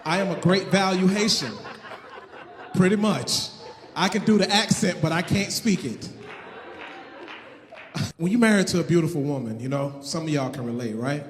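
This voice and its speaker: A male comedian performing loud, punchy stand-up comedy live in a venue. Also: on the high side, moderate pace, pauses often. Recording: long hall reverb, faint noise.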